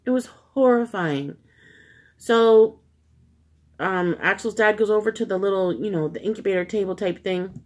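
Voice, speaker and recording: A woman's voice: mid-range voice, moderate pace. Emotional woman confiding a personal story. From Canada. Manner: emotional, confiding, addresses viewers as friends. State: close to tears. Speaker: vlog host. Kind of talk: casual storytelling to viewers.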